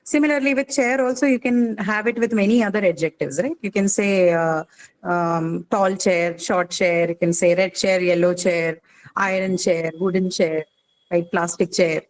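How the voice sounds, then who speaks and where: A woman's voice: on the low side, normal speed, a little hiss or hum, rough recording. Woman teacher explaining with tag questions. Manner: explains patiently with many fillers and tag questions. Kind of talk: online class lecture.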